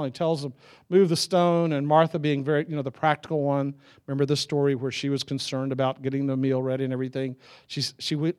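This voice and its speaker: A man's voice: fairly high pitch, darkish tone. A middle-aged man preaching a sermon, telling stories in a loose, conversational way with chuckles and restarts. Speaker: pastor.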